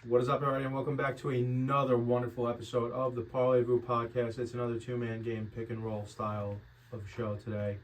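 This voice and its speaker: A man hosts a casual sports betting podcast in an easy, slightly mumbled way. His voice sits at an ordinary pitch. A faint hiss of noise runs under the recording. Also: fast, few pauses, distant mic, poor audio. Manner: loud hyped intro, then relaxed mumbling talk. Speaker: podcast host.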